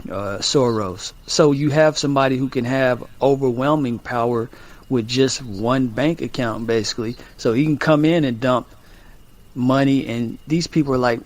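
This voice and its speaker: A man co-hosting a talk radio show, arguing his point and repeating himself to break in. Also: medium pitch. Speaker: radio co-host. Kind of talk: casual talk radio debate.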